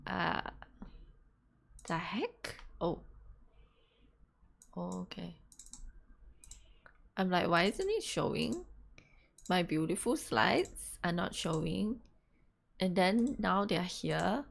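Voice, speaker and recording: A young woman with a lilt chats loosely while running her live stream. She talks at an unhurried pace and stays flustered, laughing her way through tech hiccups. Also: on the low side, big pitch swings, creaky, a little hiss or hum. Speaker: stream host. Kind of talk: casual live-stream chat.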